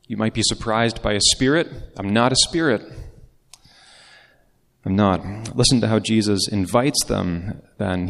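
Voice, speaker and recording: A man's voice: lowish voice, animated, normal speed, gravelly. A man preaching a sermon as pastor, in a conversational way with casual asides. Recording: long reverb of a large hall.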